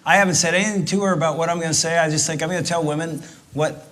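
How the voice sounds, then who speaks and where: A middle-aged pastor teaching on marriage, voice sitting fairly high for a man. He tells stories with jokes, swinging from quiet asides to loud bursts. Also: rapid-fire. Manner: animated storyteller, jokey, big swings in volume. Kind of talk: sermon-style marriage teaching with his wife.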